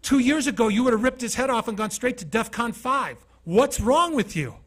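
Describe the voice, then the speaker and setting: Man acting out a male friend, incredulous, blunt, high-pitched, exclaiming. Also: animated, normal speed, fairly bright tone, full character voice. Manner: exclaiming, disbelieving.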